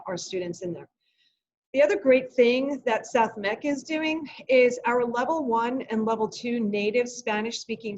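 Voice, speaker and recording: A middle-aged woman teacher who is also a parent talks to families in a clear, earnest way and lays out how a new program will work. Her voice sits a little high. The audio is muffled and lo-fi. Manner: earnest, explanatory, animated when retelling a story. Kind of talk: presentation to parents. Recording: dull lo-fi audio.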